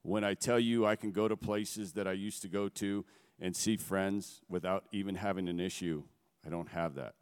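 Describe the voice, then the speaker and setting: Low, smooth-voiced man in an echoing hall. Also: steady tone. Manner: earnest, halting, emotional storytelling. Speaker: guest speaker. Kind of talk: personal testimony. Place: on a stage before a gathering. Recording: long echo of a large hall.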